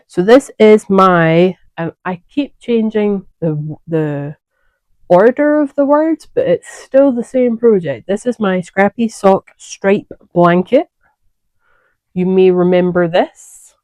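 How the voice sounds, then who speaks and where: A woman's voice: lowish voice, a little mellow, no room sound. A woman hosting a knitting podcast, chatting casually and wandering off on asides as she shows her projects. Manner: chatty, digressive, self-correcting.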